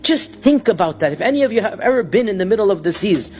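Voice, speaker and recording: A man's voice: high-pitched, animated, fast, slight background noise. A man preaching a sermon, telling a story dramatically and reciting Arabic verses between his English lines.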